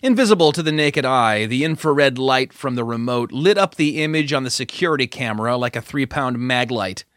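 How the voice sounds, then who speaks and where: A man narrating an audiobook in a measured, dramatic way. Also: medium pitch, expressive, fairly bright tone, no room sound, clean studio sound.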